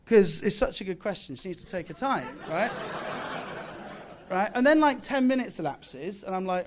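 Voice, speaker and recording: In a live comedy club, a British English-speaking man delivers stand-up at normal speed, his high voice expressive as he puts on boastful mock bravado and pokes fun at himself. Audience laughter rings out, and there's a little hiss or hum on the recording.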